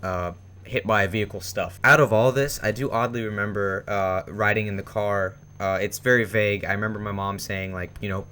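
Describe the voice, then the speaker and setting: A man's voice: lowish voice, fairly even intonation, fairly quick, sharp tone, smooth. A young man telling a personal story in a rambling, casual way, with many fillers and restarts. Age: young adult. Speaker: vlogger.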